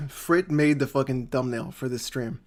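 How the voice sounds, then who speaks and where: A man co-hosting a casual podcast, retelling stories in a wry, deadpan way. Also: mid-range voice, measured pace. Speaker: podcast co-host and streamer.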